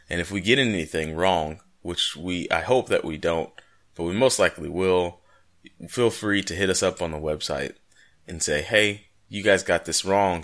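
A deep, slightly bright male voice belongs to a podcast co-host on a casual show. He jokes and rambles through his explanations, tossing in playful asides.

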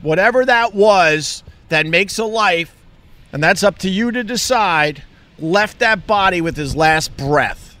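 Bright-voiced candid man from Long Island. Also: sits high, lively intonation, unhurried. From Long Island, New York. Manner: rambling, candid, swears freely. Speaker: vlogger. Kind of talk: casual personal monologue.

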